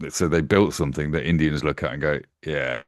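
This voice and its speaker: A very deep-voiced man recorded close and dry, with no room sound. He hosts a casual chat over a video call and tells stories, putting on the voices of the people in them. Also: fairly even intonation, fast, no echo. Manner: storytelling, acts out quoted voices. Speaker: host.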